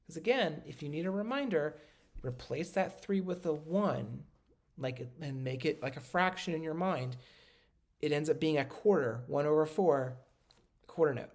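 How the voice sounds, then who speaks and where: Instructor talking through notation on video, relaxed and halting, with a fry in the voice. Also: medium pitch. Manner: casual and patient, many ums and self-corrections. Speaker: music instructor. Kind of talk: recorded lecture, talking while drawing notation.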